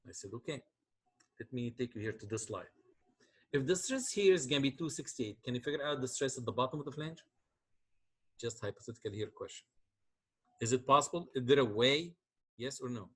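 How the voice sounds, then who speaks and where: A man lectures a university engineering class in an expressive, brisk, husky voice that is mid-range and fairly bright, with long pauses. He explains calculations step by step, often stopping to confirm the students are with him.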